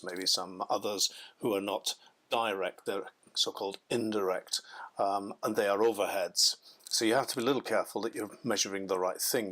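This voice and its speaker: A man from the United Kingdom giving a measured, explanatory business lecture over slides, with frequent ums and self-corrections. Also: on the low side, bright, forceful tone.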